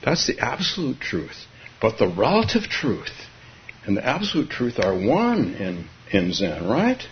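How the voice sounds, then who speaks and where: A man's voice: medium pitch, wildly swooping pitch, measured pace, a little hiss or hum. A man from California giving a Zen dharma talk, musing aloud with frequent chuckles and restarts. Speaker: Zen teacher. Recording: dull lo-fi recording.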